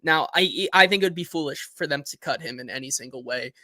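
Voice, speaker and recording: A man hosting a sports talk show, chatting casually and reading out listener comments with animated energy. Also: fairly high pitch, fast talker, no room sound, studio quality. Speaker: host.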